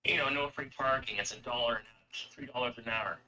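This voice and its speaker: A man's voice: mid-range voice, a little fast, pushed and bright, slight background noise, low-quality recording. A man from Canada chatting casually, rambling and swearing as he rants about everyday costs. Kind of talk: casual chat.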